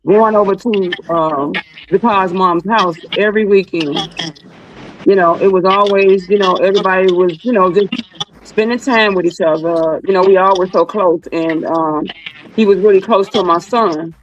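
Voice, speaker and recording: A woman's voice: lowish voice, a little hiss or hum. A woman, a guest and aunt, speaking over a video call, rambling and filling with "you know.". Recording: dull lo-fi call audio.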